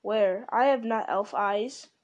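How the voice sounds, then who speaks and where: A woman voicing an impatient male dwarf warrior who talks in urgent, excitable hisses. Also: medium pitch, takes it slowly, lightly acted. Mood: wary.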